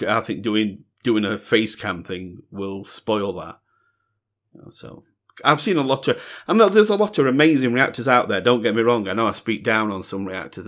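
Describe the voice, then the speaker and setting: A middle-aged man who hosts a music reaction channel answers questions in a casual solo Q&A. His fairly low voice has a fairly bright tone, and he speaks earnestly, repeating phrases for emphasis.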